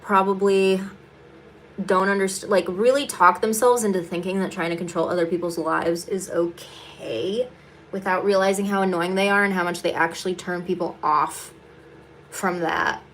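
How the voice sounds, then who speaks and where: A woman's voice: on the low side, steady tone, normal speed, slight background noise. A young adult woman comedian hosting a casual livestream, answering viewers bluntly and sarcastically, with plenty of swearing, while she does her makeup.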